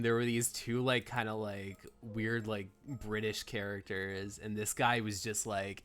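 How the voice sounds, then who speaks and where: A man's voice: on the low side, fairly bright tone. A young man streaming a game, rambling casually with lots of "like" fillers. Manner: rambling, heavy use of "like", laughs often. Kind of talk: casual let's-play commentary.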